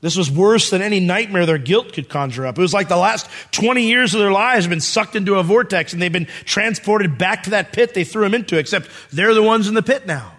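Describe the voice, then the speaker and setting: A male pastor preaching a sermon in a church, animated and acting out the scene in different voices. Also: sits high, fairly quick, few pauses.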